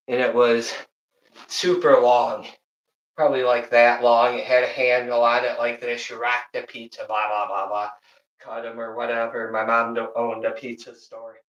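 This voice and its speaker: A man live-streaming a home workout, counting reps aloud and telling animated family stories in casual chat. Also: medium pitch. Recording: roomy echo.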